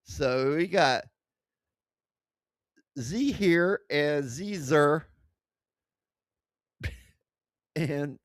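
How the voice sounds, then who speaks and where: A man's voice: fairly high pitch, expressive, very slow, pauses often, no echo. A man hosting a livestream, reading chat aloud and mocking it, swearing and laughing often, close to his desk mic. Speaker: livestream host.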